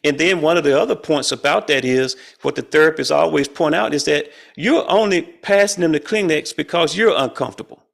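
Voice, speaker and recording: Host: middle-aged man, gravelly and slightly high voice, folksy and chatty, chuckles a lot, on a video call. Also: brisk, hardly any pauses. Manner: folksy, colloquial, chuckles often. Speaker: spiritual study group leader. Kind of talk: casual spiritual talk.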